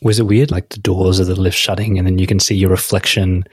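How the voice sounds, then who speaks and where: A man's voice: deep voice, level tone, fast, slightly rough, no room sound. A man, co-hosting a podcast in casual chat, nasal from a cold and laughing often. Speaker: podcast co-host.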